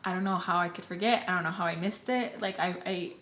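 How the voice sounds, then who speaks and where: A woman's voice: fairly low pitch, a little fast, a bit bright. A young woman telling a personal story in a casual storytime vlog, chatty and full of "like". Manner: chatty, filler-heavy with constant "like". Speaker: storytime vlogger. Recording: echoey room.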